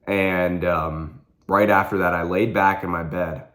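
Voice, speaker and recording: Deep-voiced young man telling an earnest story. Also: fairly even intonation, a little slow, a bit bright. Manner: earnest and intense, repeats phrases for emphasis. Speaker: vlogger. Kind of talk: personal storytelling to camera.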